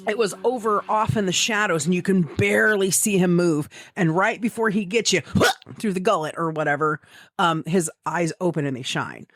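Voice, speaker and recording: Swearing, animated woman telling gaming stories. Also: on the low side, fairly quick, dry recording, studio quality. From American Midwest. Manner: swears freely, animated storytelling with quoted asides. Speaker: podcast co-host. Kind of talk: casual chat.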